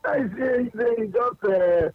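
A man's voice: extremely high pitch, expressive, moderate pace. A man with a Nigerian accent calling a radio sports show, insistent and repetitive as he rants. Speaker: caller. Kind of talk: rapid call-in rant. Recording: phone line.

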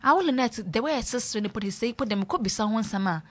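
A woman's voice: a little high, lively intonation, fast talker, a bit bright. A woman hosting a radio talk, playful and teasing, turning serious. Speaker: radio host. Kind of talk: casual talk, mixing English and local language.

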